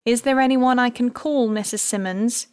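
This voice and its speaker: A woman voicing a composed female police detective in an audiobook, speaking with calm authority. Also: mid-range voice, normal speed, no echo, studio quality, lightly acted. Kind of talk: audiobook character reading.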